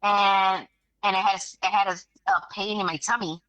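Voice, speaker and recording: A woman, a guest telling a story in casual animated talk, acting out the voices of others. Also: mid-range voice, moderate pace, no echo, lo-fi sound. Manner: animated, acts out quoted voices, swears casually.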